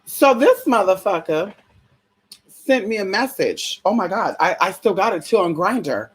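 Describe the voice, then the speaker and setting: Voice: medium pitch, lively intonation, measured pace, husky. A vlogger telling a story in a casual, profane, chatty way, calling viewers y'all, girl and honey.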